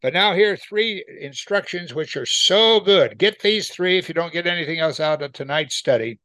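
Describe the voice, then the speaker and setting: A man's voice: a little high, expressive, normal speed, sharp tone, no room sound. A man leading a Bible study, reading scripture aloud and explaining it in plain conversational talk, often asking his listeners questions. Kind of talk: verse-by-verse Bible teaching.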